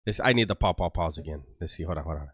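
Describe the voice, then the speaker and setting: A man's voice: sits low, rapid-fire, slightly rough, no echo, clean studio sound. A man hosting a reaction video, making sarcastic, joking remarks and laughing between clips. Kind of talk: reaction commentary.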